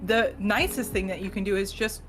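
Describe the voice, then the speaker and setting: A woman co-hosting a podcast in casual chat, an animated storyteller who laughs often and acts out voices. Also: medium pitch, brisk, soft background music. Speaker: podcast co-host.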